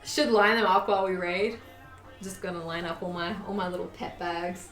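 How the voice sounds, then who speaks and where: A woman's voice: on the low side, fairly even intonation, moderate pace, fairly bright tone. A young woman streaming her sewing, gushing over a bag she just finished and swearing casually as she talks. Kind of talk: casual live-stream chat while sewing. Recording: echoey room, faint music. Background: faint music.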